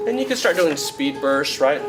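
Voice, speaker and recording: A man's voice: fairly high pitch, big pitch swings, normal speed, poor audio. A man teaching a flamenco guitar workshop in a casual, chatty way, often checking in with "right?" and "okay?". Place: workshop room. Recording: loud guitar under the voice. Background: guitar playing.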